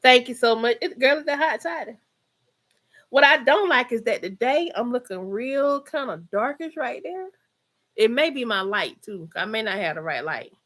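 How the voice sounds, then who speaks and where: This middle-aged Georgia woman's voice runs on the high side, expressive and a bit bright, at a normal speed. She hosts a relaxed livestream from home, chatting with viewers and reading comments live in her Southern accent. She talks freely, laughs a lot and uses Southern slang.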